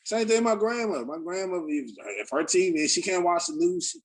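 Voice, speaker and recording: A young adult man who hosts a podcast speaks fast in an animated, high-sitting voice, loosely telling casual, profane stories packed with fillers.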